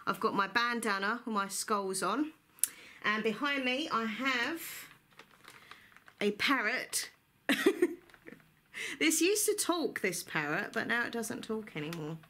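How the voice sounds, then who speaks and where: A woman's voice: on the high side, lively intonation, slow pace, pauses often, pushed and bright. A woman chatting to camera about books in a bubbly, chatty way, with frequent laughter. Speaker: book vlogger. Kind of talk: casual chat to camera.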